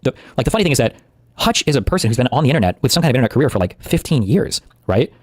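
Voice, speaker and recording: A man on a live stream explaining a backstory quickly, with a dismissive edge. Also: mid-range voice, sing-song, no room sound, studio quality. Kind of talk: casual live-stream discussion.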